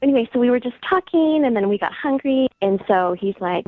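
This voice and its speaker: A woman's voice: a little high, animated, a little fast, dry recording. Woman caller on a tinny phone line. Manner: chatty, full of likes. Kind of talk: phone-in storytelling.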